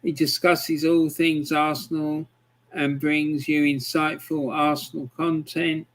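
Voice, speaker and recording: Slow-talking man hosting a live stream. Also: fairly high pitch, flat delivery. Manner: chatty, rambling with frequent ums, reads out viewer messages. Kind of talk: casual live-stream chat.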